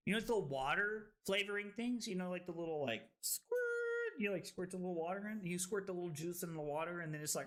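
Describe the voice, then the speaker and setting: A male streamer giving excitable live commentary on a card game, tipsy, laughing, swearing and often shouting. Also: high-pitched, a little fast, few pauses. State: tipsy from drinking. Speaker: streamer and host.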